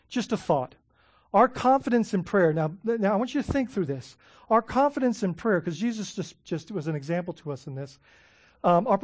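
A man preaching a sermon as a pastor, animated, often restarting words and laughing as he talks. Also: sits high, no room sound, clean studio sound.

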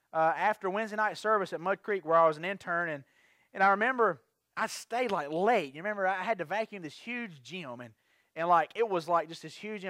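High-voiced man preaching. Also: smooth, no echo, studio quality. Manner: rambling, lively storytelling with many restarts. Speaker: pastor. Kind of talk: storytelling sermon.

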